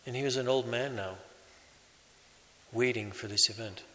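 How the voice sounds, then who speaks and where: A man preaching a sermon as a priest, in a slow, measured way with pauses. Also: medium pitch, fairly bright tone, in a large hall, poor audio.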